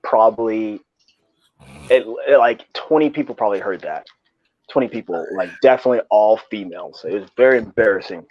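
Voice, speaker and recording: A man's voice: fairly low pitch, a little fast, no room sound. A young man casually telling a rambling, profane story in slangy talk. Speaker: podcast co-host. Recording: dull lo-fi dry sound.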